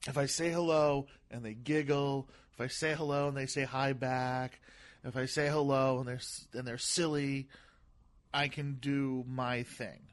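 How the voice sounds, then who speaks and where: A man guesting on a podcast as a comedian, talking casually with a gentle voice that sounds softer than his looks, often repeating words and restarting sentences. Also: medium pitch, little pitch movement, a little slow.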